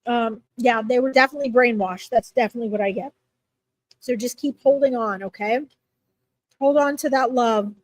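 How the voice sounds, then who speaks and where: A woman giving chatty, reassuring readings to viewers on a live stream, with lots of fillers and little pauses. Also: fairly high pitch, dry recording. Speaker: psychic reader answering viewers.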